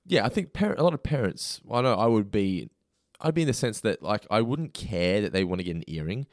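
A man's voice: fairly low pitch, very animated, fairly quick, no echo, studio quality. A man in his thirties hosting a podcast in casual chat, laughing easily and stumbling over words. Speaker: podcast host.

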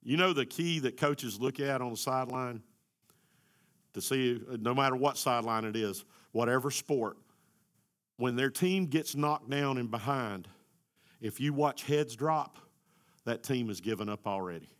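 A middle-aged man preaching a sermon as pastor, swinging from quiet storytelling to loud, climbing exhortation. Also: mid-range voice, unhurried. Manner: builds from soft storytelling to loud, rising exhortation.

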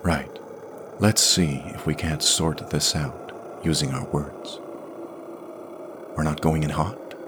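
A man voicing a resourceful, guarded woman agent who speaks dryly and with quiet determination, in an audio story. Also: very deep voice, steady tone, slow, pauses often, noisy background. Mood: wry.

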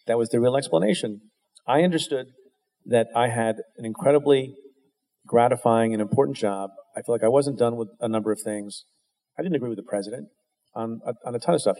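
Middle-aged male interview guest, mid-pitched, wry and self-deprecating storyteller, long hall reverb. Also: gravelly, warm tone. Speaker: guest answering an interviewer's question. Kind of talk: candid storytelling, conversational.

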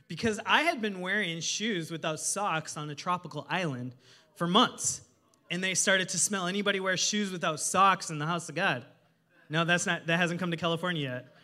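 A man preaching a sermon as a guest pastor, energetic and humorous, joking with the congregation. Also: high voice, moderate pace. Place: church service in a hotel venue.

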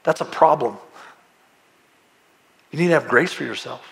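A man's voice: medium pitch, moderate pace, vocal fry, fairly bright tone. Earnest male pastor preaching. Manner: earnest, pleading, repeats words and asks rhetorical questions. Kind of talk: sermon.

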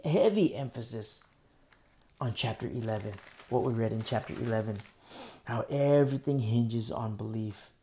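A man preaching a sermon, earnest, swinging between soft pleading and emphatic outbursts. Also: mid-range voice, gravelly.

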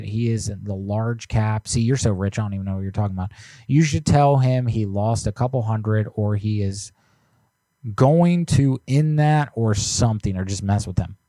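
With a warm, medium-pitched voice and no echo, this prank call show co-host keeps the live-stream chat relaxed. He cracks jokes as he works through what viewers have sent in.

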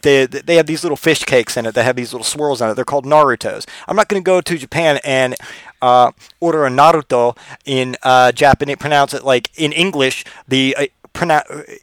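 A man's voice: medium pitch, fairly bright tone, no room sound. A man hosting a comedy podcast, delivering a rambling, profane, digressive monologue. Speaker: podcast host.

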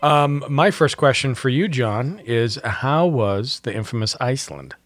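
Lively laughing man hosting a podcast. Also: medium pitch, measured pace, no room sound, studio quality. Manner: laughing, profane banter. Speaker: podcast host. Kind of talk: casual chat.

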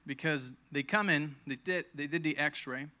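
A man's voice: a little high, moderate pace, sharp tone. A man in his thirties preaching a conversational sermon, telling his own healing story and acting out quoted lines with emphasis. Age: 30s. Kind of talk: sermon with personal testimony.

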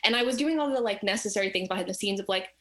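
A woman telling a personal story in casual chat, animated and acting out the voices of the people in it. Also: mid-range voice, rapid-fire.

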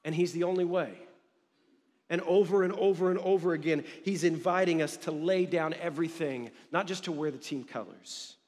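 A young man preaching a sermon from a church stage, earnest and building in intensity, dropping low and quiet for emphasis. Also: normal speed, big-room sound. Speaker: pastor.

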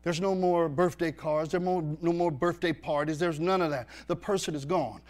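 A man's voice: fairly high pitch, fairly even intonation, normal speed, hardly any pauses. A male pastor preaching a sermon in a church, pressing the congregation with rhetorical questions and emphatic repetition.

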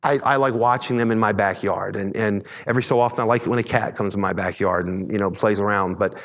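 A man's voice: fairly low pitch, steady tone, fast, fairly bright tone. Earnest preaching man in reverberant church. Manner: earnest preaching with frequent restarts and repeated words. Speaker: pastor. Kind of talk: sermon.

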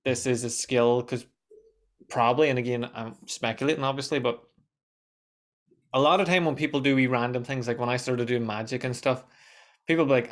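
Swearing, animated man. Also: medium pitch. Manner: animated, swears, quick asides. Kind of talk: casual conversation.

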